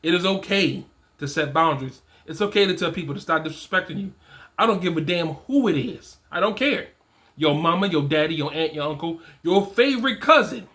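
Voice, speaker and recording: Fairly quick and animated, this man in his forties coaches other men on fatherhood and manhood, casually driving his points home with repetition and slang. His voice is on the high side and a bit bright.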